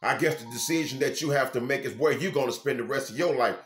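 A man, a minister, preaching an informal sermon with fervent, repetitive phrasing and sudden loud bursts. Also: medium pitch, quick pace, reverberant, faint music behind.

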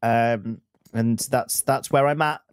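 Clean studio audio with no room sound carries this man's mid-range, smooth voice at a slow pace. He co-hosts a gaming channel's modded game let's play, chatting casually about the gameplay. His manner is animated and playful, and he laughs often.

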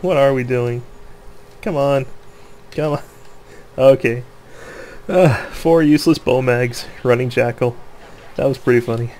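A man at a middle pitch chats loosely over his own gameplay, laughing easily and poking fun at himself. His voice turns excitable in the busy moments, and a faint hiss of noise sits under the recording. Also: measured pace, long pauses. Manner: laughs often, excitable, joking, self-mocking. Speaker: gamer commentating his own play. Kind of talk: casual gameplay commentary.

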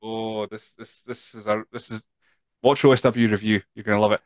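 A man's voice: on the low side, flat delivery, fairly quick, dry recording. A Scottish man hosting a podcast, chatty and tired, reading out listener questions with lots of fillers. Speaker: podcast host. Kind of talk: casual chat.

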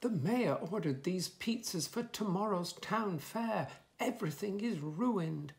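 A man's voice: high voice, big pitch swings, normal speed, creaky, echoey room, pitched above the performer's own voice, full character voice. A man voicing a fretful pizza factory manager.

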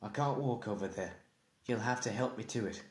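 A man's voice: lowish voice, normal speed, natural voice. A man doing a hurt, frustrated farm boy. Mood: weary. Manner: pleading and exasperated. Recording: echoey room.

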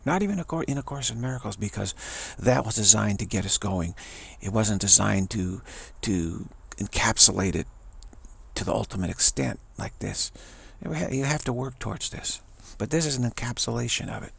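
A man's voice: fairly low pitch, moderate pace, vocal fry, a bit bright, husky. A man giving a casual spiritual teaching talk, musing and earnest, repeating phrases for emphasis.

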